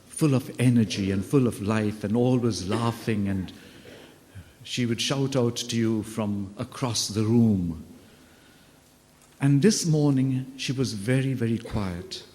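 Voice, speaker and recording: A man speaking slowly and warmly, telling stories in an earnest, unhurried way. His voice carries a long reverb, as if he were addressing students in a big school hall. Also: medium pitch. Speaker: religious brother giving a talk to students. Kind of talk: storytelling address.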